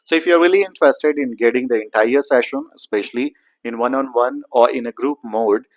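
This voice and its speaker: A man explaining accent training, slowing down to model words and sentences. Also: medium pitch. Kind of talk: pronunciation lesson.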